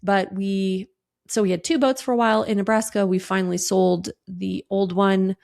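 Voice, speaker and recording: Chatty woman with a gravelly edge. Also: medium pitch, fairly even intonation, normal speed, darkish tone. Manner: chatty, breezy, swears casually, acts out quoted dialogue. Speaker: podcast host. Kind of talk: casual solo podcast chat.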